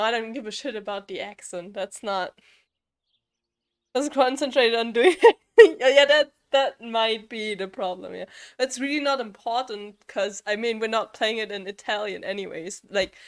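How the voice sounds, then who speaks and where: A young woman streaming a game live, chatting casually and rambling with frequent laughs. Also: on the high side.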